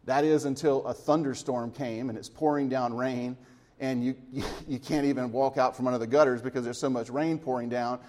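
A man's voice: mid-range voice, fairly even intonation, moderate pace, darkish tone. A man, a church elder, preaching a sermon in a conversational storytelling way with light humor.

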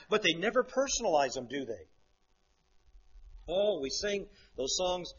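A man preaching a sermon, swinging between hushed, quiet stretches and loud, fervent passages. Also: high voice, lively intonation, moderate pace, breathy edge, highs cut off.

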